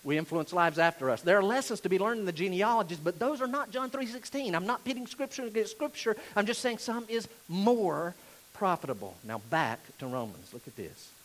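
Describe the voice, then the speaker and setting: A man delivering a sermon in a church, his voice pitched high for a man. He leans hard on repeated phrases and lets his volume rise and fall sharply. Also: expressive, brisk, poor audio. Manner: emphatic, repeats key phrases, varies loudness widely. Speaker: pastor.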